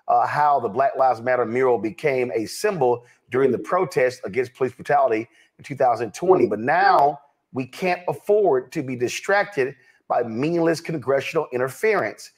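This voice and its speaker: A man in a played clip giving impassioned political commentary, growing indignant and preachy as he speaks. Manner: indignant, rising to a preachy pitch.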